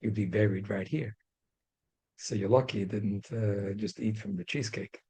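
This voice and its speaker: A man playing a calm, secretive mayor, husky. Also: on the low side, normal speed. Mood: explaining. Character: calm, secretive male mayor hosting a hidden Seder.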